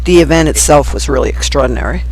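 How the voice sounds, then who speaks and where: A man co-hosting a casual live talk show, upbeat and quick to laugh. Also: fairly high pitch, vocal fry, a little mellow, slightly rough, low-quality recording. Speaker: co-host.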